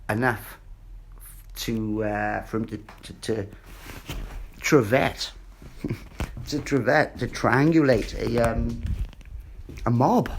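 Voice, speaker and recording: Gravelly, husky man ranting. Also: medium pitch. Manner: agitated, sweary, repeats himself. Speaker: vlogger. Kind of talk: rambling monologue.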